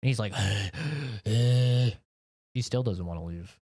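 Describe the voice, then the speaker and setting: A man's voice: mid-range voice, slow pace, mellow. A man from the United States streaming from his home office, rambling in a casual, profane rant. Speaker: game streamer. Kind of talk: casual chat while streaming.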